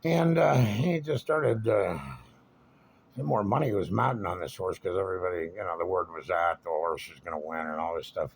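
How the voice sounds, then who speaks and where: A man's voice: low-pitched, normal speed, gravelly, a little hiss or hum. A man telling a casual anecdote in a wry, meandering, conversational way. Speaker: storyteller.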